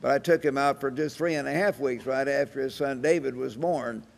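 A man's voice: mid-range voice, brisk, vocal fry. A man in his eighties preaching a sermon, telling folksy anecdotes with chuckles. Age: 80s. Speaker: church evangelist preaching. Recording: reverberant hall sound.

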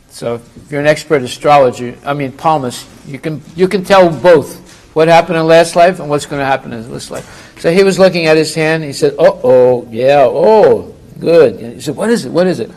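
Animated storytelling man giving a class. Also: fairly high pitch, poor audio. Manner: storytelling, acts out dialogue, rising to emphatic outbursts. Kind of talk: sermon with humorous anecdotes.

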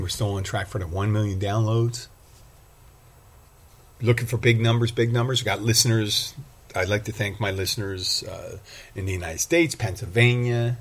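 A man's voice: on the low side, slight background noise. A male bartender hosting his own podcast, talking alone in a rambling, self-deprecating way. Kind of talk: casual solo monologue.

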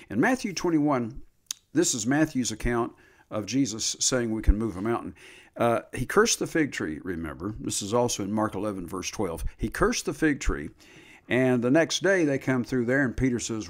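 Older male preacher, folksy sermon delivery, lively up-and-down pitch, slowed and stressed scripture quotes. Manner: folksy, drawls scripture slowly with emphatic rises. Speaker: preacher and Bible teacher.

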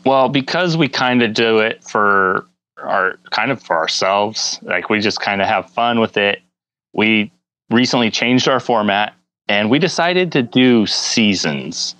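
A man with a lowish voice talks unhurriedly as a podcast guest. He explains things in a relaxed, halting way. The recording is dry and close. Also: no room sound. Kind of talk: casual podcast chat.

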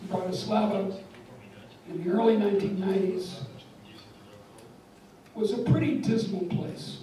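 Heard from far back in an echoing lecture hall, this older woman gives a public talk as a guest lecturer. She is wry and emphatic, full of stories and jokes, yet her mid-range voice stays steady, mellow, and a touch slow.

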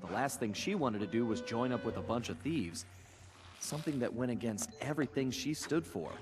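A man doing a lively suave raccoon thief narrating. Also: mid-range voice, a little fast, close to an everyday voice. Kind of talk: scripted story narration. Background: game music.

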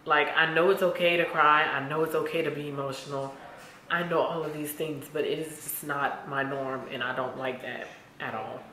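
A woman's voice: low voice, fairly even intonation, normal speed, sharp tone, reverberant. A woman vlogging casually to camera at home, candid and chatty. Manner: chatty, candid, says y'all a lot. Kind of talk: casual vlog chat to camera.

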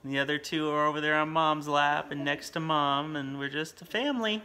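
Joking dad filming a family vlog. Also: male voice, on the high side, brisk, sharp tone. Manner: joking, self-mocking asides to the camera. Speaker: vlog host and father. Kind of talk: casual family vlog talk. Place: family home, indoors.

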